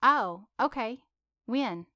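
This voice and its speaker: A woman's voice: fairly high pitch, animated, slow, bright, forceful tone, no echo, clean studio sound, voice pushed up, heavily acted. A woman voicing a shy, flustered young woman who stammers and hesitates, in a storybook reading.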